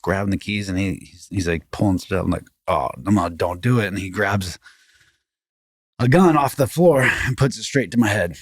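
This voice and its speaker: A man, a podcast guest telling a story in rambling, animated casual talk full of restarts. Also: lowish voice, moderate pace, no room sound, clean studio sound. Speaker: podcast guest, former fighting champion.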